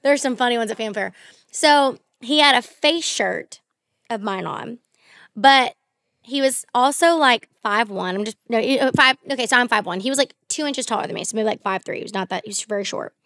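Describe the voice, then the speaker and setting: A young woman and country singer telling stories in casual podcast chat, animated, swearing freely, and acting out what people said. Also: fairly high pitch, a little fast, dry recording, studio quality. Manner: animated, swearing, acts out quotes in bursts. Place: podcast studio.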